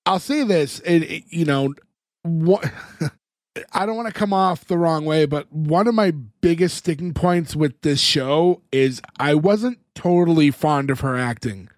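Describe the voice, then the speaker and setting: Man, podcast co-host, rambling recap, fillers, slightly high voice, dry. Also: unhurried, no echo. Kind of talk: casual chat recapping a TV episode.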